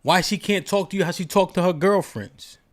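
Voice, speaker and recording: A man holds forth on a call-in show in a fairly high voice. His delivery is emphatic and preachy, full of rhetorical questions and constant "right?" check-ins. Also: fairly quick. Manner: emphatic, repeats "right?" often. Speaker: podcast host.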